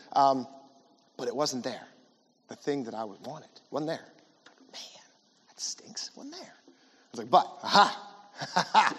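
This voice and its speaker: A fairly high-voiced man in his forties gives a chatty chapel talk to students. He keeps asking the audience questions and checking in with "right?". His voice rings out with a long reverb in a large school hall. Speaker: guest speaker at a school chapel.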